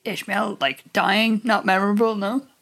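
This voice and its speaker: A woman's voice: medium pitch, fairly even intonation, normal speed, a bit bright. A woman who plays in a tabletop group, chatting casually about the campaign, teasing and dry, with some swearing. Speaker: player in a tabletop game group.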